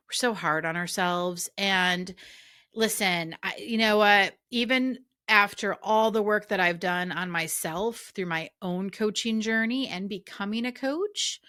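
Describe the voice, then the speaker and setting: A middle-aged woman life coach and podcast host, talking casually with chatty asides in a warm coaching tone. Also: mid-range voice, a little slow, smooth. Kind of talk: casual solo podcast talk.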